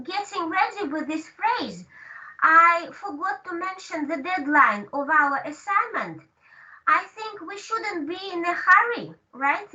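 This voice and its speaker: A woman teaching an online language lesson, speaking slowly and patiently with many hesitations over a video call. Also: very high-pitched, pushed and bright. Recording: distant dull call audio.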